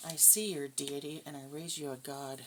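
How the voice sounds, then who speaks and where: A woman's voice: low voice, fairly even intonation, moderate pace, heavy background noise. A woman giving a casual tarot reading, blunt, profane and scornful. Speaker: tarot reader.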